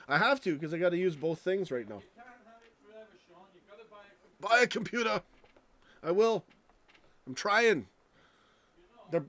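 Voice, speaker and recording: Rambling, profane young man ranting on a stream. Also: fairly high pitch. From United States. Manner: rambling, profane, with frequent restarts. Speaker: live stream host. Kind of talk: casual late-night livestream rant. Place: home, indoors.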